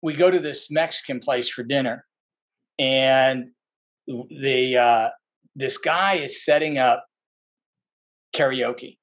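This man's voice sits in the mid range, and he takes his time, leaving long pauses. Appearing as a podcast guest, he tells stories loosely and casually, stumbling through fillers and restarts, but perks up noticeably when quoting other people.

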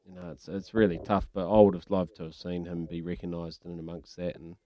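A man's voice: low voice, level tone, fast talker, warm tone, dry recording. Jokey New radio host man. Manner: jokey, laughs often, chatty. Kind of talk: casual radio banter. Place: radio studio.

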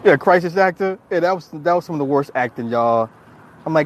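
Laughing, profane man with a slightly high voice. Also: a little fast, slight background noise. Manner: animated, laughing often, heavy swearing; frequent restarts and repeated words. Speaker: streamer reacting to viewer comments. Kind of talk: casual livestream commentary.

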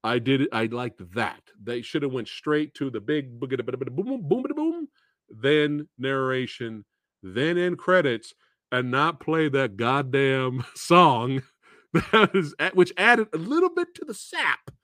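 Animated, laughing male movie reviewer. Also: mid-range voice, measured pace, no echo, clean studio sound. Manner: animated, profane and repetitive, laughing often. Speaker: movie review show host. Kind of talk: casual movie review chat.

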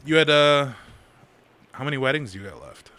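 A man's voice: medium pitch, sing-song, moderate pace, pushed and bright. A man co-hosting a casual podcast, laughing and swearing freely. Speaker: podcast co-host. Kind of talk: casual chat.

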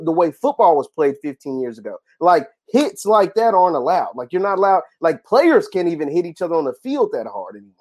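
A man with a fairly high voice speaks as a panelist in a casual online discussion. He makes his points emphatically and circles back to repeat them. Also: a little mellow.

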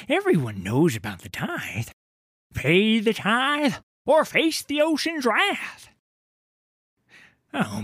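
A grizzled old sailor, boastful and full of tall tales in an audio story. His voice swings widely in pitch, sinking into hushed whispers and climbing to roars, all in rough dockside dialect. The recording is dry and close, with no room sound. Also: dry recording, full character voice. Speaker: tavern storyteller. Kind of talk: dramatic audio story narration.

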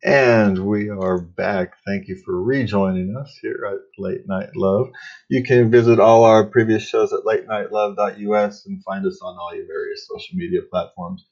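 An older man hosting a podcast, chatting casually and rambling a bit, with a husky voice. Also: lowish voice, darkish tone, lo-fi sound. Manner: rambling, chuckles often. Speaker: podcast host.

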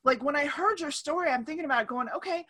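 Bright, high-voiced woman chatting animatedly. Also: fast. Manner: animated, acts out quoted voices. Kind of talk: casual conversation. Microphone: remote call.

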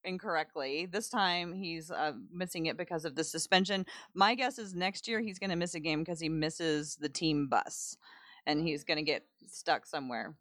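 A woman's voice: deep voice, moderate pace, a bit bright, dry recording. A woman co-hosting a casual basketball podcast on a close mic, playful and teasing, prodding her co-host with questions.

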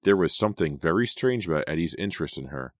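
A man reading a teen horror audiobook in an even, measured narration. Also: sits low, no room sound. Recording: dry close studio sound.

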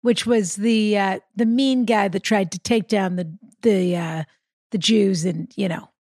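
A woman's voice: medium pitch, steady tone, a little slow, darkish tone, no room sound, clean studio sound. A woman co-hosting a casual podcast, chatty and wry, explaining things with a laugh. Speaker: podcast co-host.

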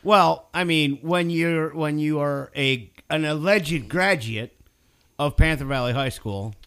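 A man's voice: a little high, a little slow, fairly bright tone, clear, resonant tone. A man in casual chat, making dry, needling jokes at his friend.

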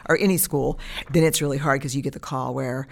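A woman's voice: a bass voice, steady tone, brisk, vocal fry, darkish tone. A woman in her forties talking casually as a podcast guest, animatedly acting out what she would say to a child. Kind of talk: casual parenting chat.

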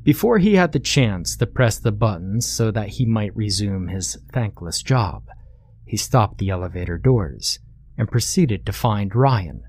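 A man reading a horror story aloud in a measured, matter-of-fact narration. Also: on the low side, lively intonation, darkish tone.

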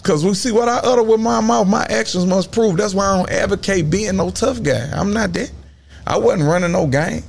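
A man with a Louisiana accent, a guest in a casual interview, talking in slow, emphatic stories full of Southern slang. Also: high-pitched, gravelly.

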